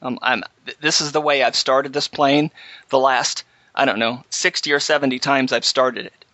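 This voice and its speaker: A man hosting a casual chat, telling a halting, animated story about flying. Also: mid-range voice, no room sound. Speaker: podcast host, pilot. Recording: slightly dull, dry audio.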